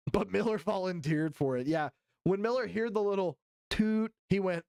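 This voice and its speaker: Lively, crude live-stream commentator. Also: medium pitch, normal speed, gravelly, long pauses. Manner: crude, profane, mocking play-by-play with many restarts; frequent silly put-on quote voices. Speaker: livestream host.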